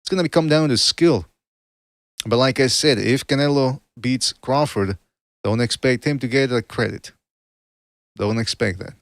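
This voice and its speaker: A man's voice: medium pitch, unhurried, long pauses, dry recording. Rambling male boxing podcast host, dry sound. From Canada. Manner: rambling, self-correcting, chatty. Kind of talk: casual livestream commentary.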